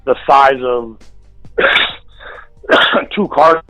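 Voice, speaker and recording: A man's voice: medium pitch, very slow, sharp tone, dry recording, faint music behind, rough recording. A man telling a story in a casual radio interview, blunt and heavy on the profanity. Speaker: guest. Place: radio studio.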